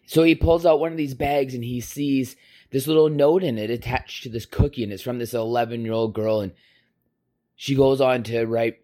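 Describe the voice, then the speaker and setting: Man, impassioned monologue, emphatic rhetorical questions, mid-pitched voice. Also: fairly even intonation, moderate pace, mellow. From Canada.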